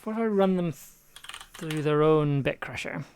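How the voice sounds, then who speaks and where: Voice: mid-range voice, moderate pace, darkish tone. A music producer streaming live, casually thinking aloud and testing ideas by trial and error, with a self-deprecating manner. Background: faint music playback.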